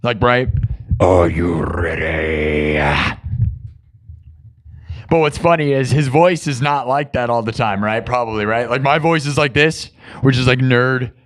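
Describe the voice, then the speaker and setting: A man's voice: medium pitch, normal speed. A man from Iowa hosting a livestream, chatting in a rambling, playful, self-mocking way. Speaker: livestream music host. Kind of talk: casual livestream chat.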